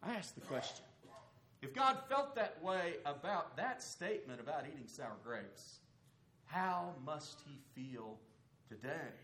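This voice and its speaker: A man delivers a sermon in a fairly high voice. He preaches emphatically, climbing to loud, high points and then sinking low and quiet to press his argument.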